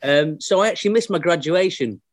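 Male actor, podcast guest, anecdotal and chatty, a touch higher than average, dry close sound. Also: animated, brisk, no echo. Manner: chatty anecdotal storyteller, slips into voices for people he quotes. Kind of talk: casual podcast chat.

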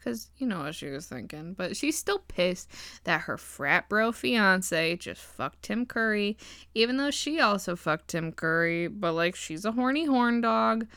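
Woman podcast host, casual profane recap, gravelly edge, mid pitch. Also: lively intonation, measured pace, a bit bright, no echo, studio quality. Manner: rambling, profane and giggly.

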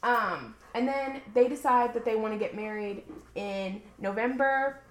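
A woman's voice: fairly high pitch, measured pace, reverberant. A woman co-hosting a podcast, casually recapping a book in a chatty, rambling way with lots of "like.". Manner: chatty, rambling, heavy use of "like". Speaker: podcast co-host.

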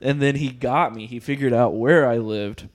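A young man chats on a casual podcast. He tells long, rambling stories full of slang and cursing. His pitch sits in an ordinary middle range. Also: normal speed. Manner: rambling storyteller, slangy and profane. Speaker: podcast co-host.

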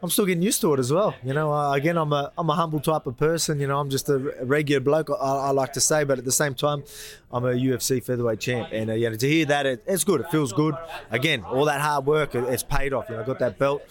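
Australian bloke, quick interview talk, humble and rambling, lots of fillers. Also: male voice, medium pitch, fairly even intonation. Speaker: fighter guest. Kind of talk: casual interview chat.

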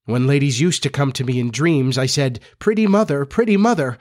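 A man voicing a remorseful young lost boy in a high, slow, plaintive tone in an audiobook reading. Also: darkish tone, close to an everyday voice.

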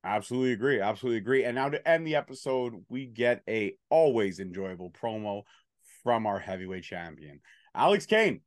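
Tired male co-host, profane, mock-grumpy banter, very animated delivery. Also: medium pitch, a little fast, no echo, clean studio sound. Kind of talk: casual podcast chat.

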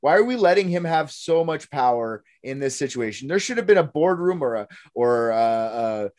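With a medium-pitched, slightly mellow voice, lively intonation and a moderate pace, a man co-hosts a casual true-crime podcast. He rants in a heated, profane way about how people ought to be treated.

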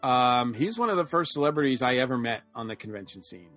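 A man co-hosting a podcast, speaking casually with many halting ums. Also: mid-range voice, expressive, a bit bright, faint music behind. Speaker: podcast co-host. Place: Atlanta area.

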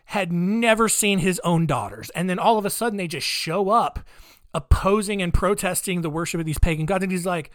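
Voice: mid-range voice, fairly quick, no echo, clean studio sound. A comedy podcast host retelling saint stories in a sarcastic, rambling way, with many fillers.

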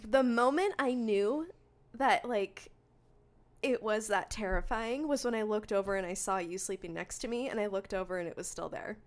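A young woman co-hosting a podcast, chatting casually and telling a story with animated energy. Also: mid-range voice, moderate pace. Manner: animated storyteller, acts out her own screams. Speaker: podcast co-host. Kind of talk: casual chat.

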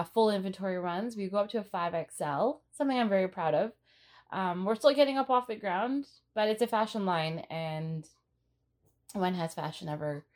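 A woman hosts a casual podcast with a bubbly, teasing delivery, laughing easily as she talks. Her pitch sits in an ordinary middle range for a woman. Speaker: podcast host.

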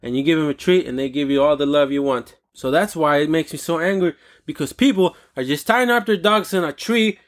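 A man hosting a talk show alone, ranting in a casual, animated and indignant way, swearing freely. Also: a little high, fairly quick, hardly any pauses. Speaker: podcast host. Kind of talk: casual solo rant.

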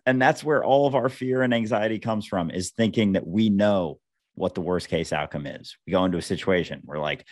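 A man's voice: on the low side, expressive, moderate pace, dry recording, clean studio sound. A man hosting a casual chat, earnest and philosophical, swearing casually.

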